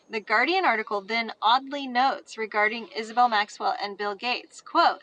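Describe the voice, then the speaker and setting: A woman's voice: a little high, normal speed, hardly any pauses, sharp tone, poor audio. A woman co-hosting a podcast, reading an article aloud between casual remarks. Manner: laughs often, reads steadily. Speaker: podcast co-host.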